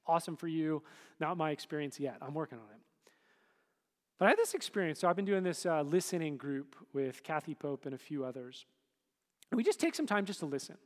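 A man preaching a sermon to a congregation in a relaxed, conversational way, full of fillers. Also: a little high, fairly quick. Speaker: pastor. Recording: hall reverb.

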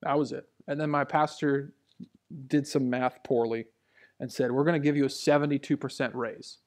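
A man in his thirties preaching a sermon in a church, telling personal stories in a conversational way, dropping to hushed asides and rising for emphasis. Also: medium pitch, fairly even intonation, moderate pace. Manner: conversational, storytelling, swings between hushed asides and raised emphasis. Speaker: pastor. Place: church sanctuary. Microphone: handheld or stage mic.

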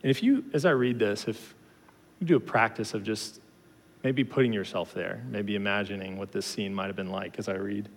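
A man's voice: lowish voice, moderate pace, gravelly. Man preaching in a reverberant hall. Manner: casual, conversational storytelling with frequent fillers. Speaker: pastor. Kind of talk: sermon.

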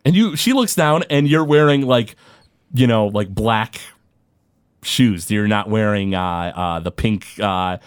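A man narrates a tabletop role-playing session as game master, stopping and starting with plenty of fillers. His voice sits low but swings widely in pitch, and the recording is dry and close. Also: smooth, dry recording. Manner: halting, many fillers, animated.

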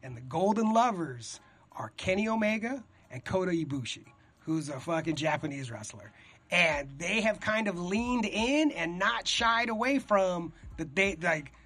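Young male host, rambling and excitable, high and husky, swears freely. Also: measured pace. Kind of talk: casual chat.

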